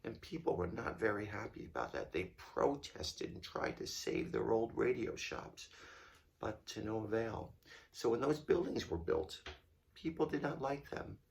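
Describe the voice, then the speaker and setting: Low-voiced dad type telling his kids a story at home, playful, lots of questions to them. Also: very animated, a little slow, creaky. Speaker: tour guide. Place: home during lockdown.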